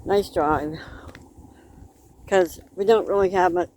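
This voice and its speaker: A woman's voice: on the low side, steady tone, slow pace, darkish tone. A woman vlogger chatting casually and rambling while she walks outdoors in a park. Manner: rambling, chatty, laughs between remarks. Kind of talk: casual chat while walking. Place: outdoors in a park on a cold windy day. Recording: wind noise outdoors.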